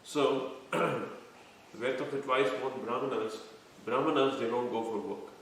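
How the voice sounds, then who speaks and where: Male scripture teacher, measured explaining style, echoey room with faint background noise. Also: medium pitch, a bit bright. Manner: explains terms slowly, quizzes listeners. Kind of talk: devotional scripture lecture. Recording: echoey room, mic far off.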